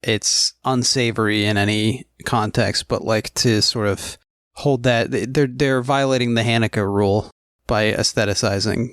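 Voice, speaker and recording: A man co-hosting a podcast, talking about films in a rambling, halting way with many restarts. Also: fairly low pitch, steady tone, a bit bright, dry recording, studio quality. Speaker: podcast co-host. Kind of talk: casual film discussion.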